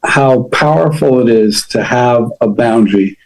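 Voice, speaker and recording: A man's voice: mid-range voice, unhurried, low-quality recording. A middle-aged man hosting a podcast, giving an earnest self-help talk on setting boundaries and acting out example dialogue. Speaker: podcast host.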